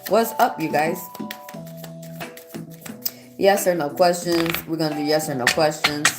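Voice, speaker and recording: Woman, tarot reader, low voice, rambling chatty delivery, music behind her. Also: measured pace. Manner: chatty, answers viewer comments aloud; loose and rambling, with fillers and restarts. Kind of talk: live-stream tarot reading.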